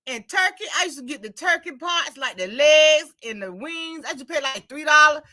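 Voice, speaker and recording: A woman's voice: sits high, moderate pace. A woman chatting casually as a host, telling stories and acting out quoted exchanges. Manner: chatty, storytelling, animated retelling with quoted dialogue. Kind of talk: casual chat.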